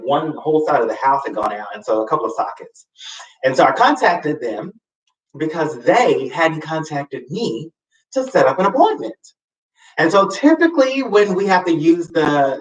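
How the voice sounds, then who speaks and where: Guy hosting a live stream, telling a story all sassy and animated, voice jumps way up, sounds a bit far off in an echoey room. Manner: expressive, swoops high for emphasis, sassy asides. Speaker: host. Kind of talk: casual storytelling monologue. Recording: roomy, slightly distant mic.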